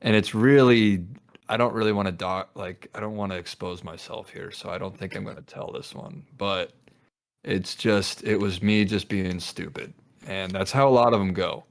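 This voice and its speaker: A young man with a fairly low voice tells a long story on a podcast with his friends. He rambles, restarts his sentences, and acts out the voices of the people in it. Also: steady tone, moderate pace, gravelly. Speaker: podcast co-host. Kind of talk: casual storytelling among friends.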